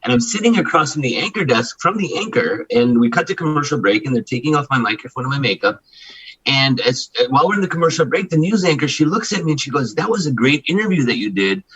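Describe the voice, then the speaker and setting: A man in his forties from Chicago, a human rights attorney speaking as an interview guest, talking emphatically in fast-flowing runs with frequent restarts. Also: on the high side, expressive, a bit bright, husky, muffled recording. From Chicago, United States. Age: 40s. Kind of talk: candid interview talk.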